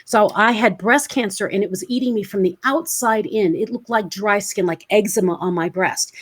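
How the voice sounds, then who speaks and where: A woman in her forties, a motivational speaker, shares her personal story in an interview with a medium-pitched, slightly rough voice at a moderate pace. She is earnest and emotional, acting out the words she once said.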